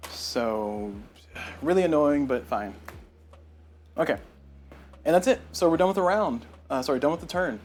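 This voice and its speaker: Streaming live, a man with a somewhat high voice works through a solo board game, talking out every move. He gets loudly fed up over poor dice rolls, with a bit of background noise in the recording.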